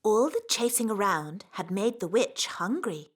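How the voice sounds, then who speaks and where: A woman voicing a gentle, motherly fairy queen in a children's cartoon, who tells a bedtime-style story. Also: mid-range voice, lively intonation, unhurried, husky.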